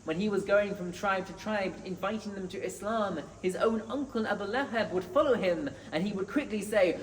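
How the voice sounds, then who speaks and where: Delivering an earnest Friday sermon in a mosque, a male preacher speaks in a high-pitched voice at normal speed with hardly any pauses, reciting Arabic scripture between his points. The recording is echoey, as from a hall with a distant mic, and carries faint noise.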